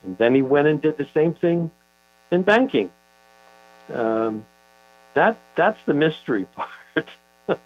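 An older man talks through a story in a thoughtful, halting way, pausing on fillers as he goes. The recording is dull and lo-fi, with a low mains hum underneath. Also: animated. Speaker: author being interviewed. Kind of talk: conversational interview.

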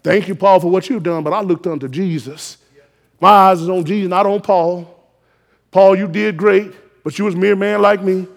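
High-voiced preacher exhorting his congregation. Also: fairly even intonation, moderate pace, gravelly. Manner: exhorting, call-and-response rising to shouted emphasis. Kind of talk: sermon.

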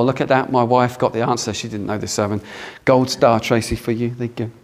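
A British man preaching a sermon in a conversational way, asking the congregation questions. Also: mid-range voice. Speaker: pastor. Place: church hall with a congregation.

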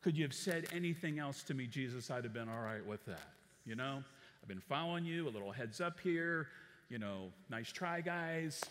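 A man preaching a sermon in a church, animated and asking the congregation rhetorical questions. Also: mid-range voice, normal speed, slight background noise. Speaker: pastor. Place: church auditorium. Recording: long church hall reverb.

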